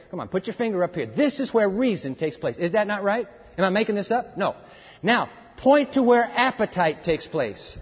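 A man preaching a sermon in an animated way, acting out voices and urging his listeners to join in. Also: a little high, breathy edge. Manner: animated, acts out voices, urges the audience. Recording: echoey hall, dull lo-fi sound.

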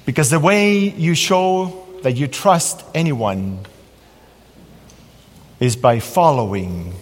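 Animated male preacher in a reverberant hall. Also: a little high, slow. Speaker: pastor. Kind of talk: sermon.

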